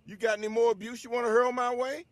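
A man's voice: very high-pitched, level tone, quick pace, no echo. An actor playing a weary veteran spymaster, a blunt man who answers with dry, cutting comebacks. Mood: testy. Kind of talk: TV series dialogue.

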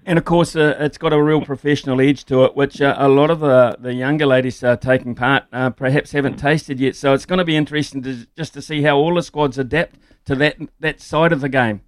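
A man's voice: medium pitch, fairly even intonation, brisk, dry recording. A man with a New Zealand accent hosting a sports radio show, giving firm opinions and interviewing a guest with plenty of "uh" fillers.

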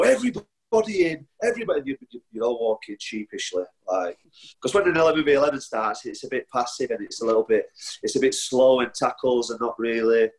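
Heard over poor audio, this man has a mid-range voice and a Northern English accent from Sheffield, England. He's a footballer guest in a casual conversation, a chatty storyteller sharing anecdotes who restarts frequently and laughs a lot.

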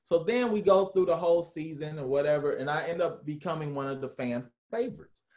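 A man telling a story in a casual interview, animated and acting out what others said. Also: a little high, fairly quick, soft background music. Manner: animated, acts out quotes of others. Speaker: guest, former reality TV cast member.

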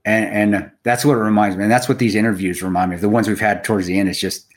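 A low-pitched middle-aged man in casual podcast chat. He tells his stories with animation, swears freely and calls his co-host bro and dude. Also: flat delivery, racing.

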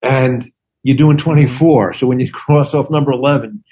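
A man's voice: mid-range voice, normal speed. A man in his sixties, a comedian and actor, chatting casually and acting out the back-and-forth of his stories. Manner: animated storytelling, acts out quoted exchanges. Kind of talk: casual chat.

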